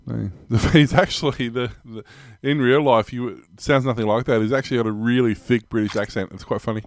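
A man's voice: medium pitch, fairly even intonation, brisk. A man co-hosting a podcast, bantering in a joking, laid-back way. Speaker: podcast co-host. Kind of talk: casual chat.

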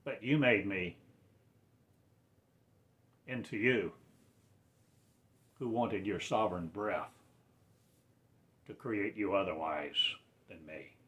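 A man delivering a rambling religious monologue, swinging between quiet low mutters and loud raised declarations, often stretching out his words. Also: slow, long pauses.

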